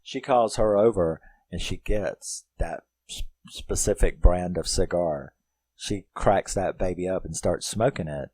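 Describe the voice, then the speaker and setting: A man's voice: sits low, measured pace, a little mellow, dry recording. Rambling, foul-mouthed man recapping a film. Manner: rambling and profane, full of "like" and "you know". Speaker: film reviewer. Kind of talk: casual spoken film recap.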